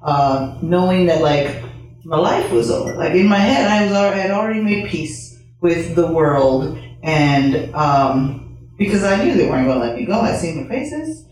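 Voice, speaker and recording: A woman's voice: sits low, expressive, normal speed, darkish tone, faint music behind. A woman tells a personal story in a blunt, profane, candid way, breaking into laughing asides. Her voice sits in a very echoey room. She is some distance from the mic. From Chicago. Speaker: storyteller on stage.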